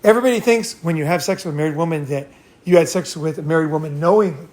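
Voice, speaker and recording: High-voiced man telling rambling stories. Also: racing, a little mellow. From California. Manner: rambling, laughing, swearing freely. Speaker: host. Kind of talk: casual storytelling and advice.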